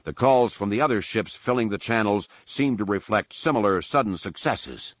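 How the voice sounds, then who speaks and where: A man with a low voice narrates an action story in a measured, dramatic reading. The recording is dry and close, with almost no room sound. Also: expressive, no room sound. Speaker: audiobook narrator. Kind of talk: scripted narration.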